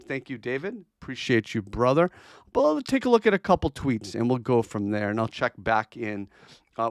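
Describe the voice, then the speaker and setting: A man's voice: mid-range voice, smooth, no room sound, studio quality. A man hosting a crypto trading livestream, chatting casually and bluntly as he answers viewer requests, with plenty of fillers and restarts. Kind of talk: casual livestream chart commentary.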